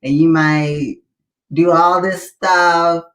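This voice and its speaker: A woman hosting a casual live-stream chat, chatty and quick to laugh. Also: lowish voice, fairly even intonation. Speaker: host.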